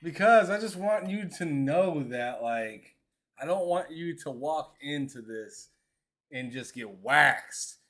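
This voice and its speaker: A man's voice: fairly high pitch, lively intonation, takes it slowly, fairly bright tone. Guy teasing his friend on a gaming podcast, laughs a lot, keeps restarting sentences. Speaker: podcast co-host. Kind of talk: casual trash talk with a friend.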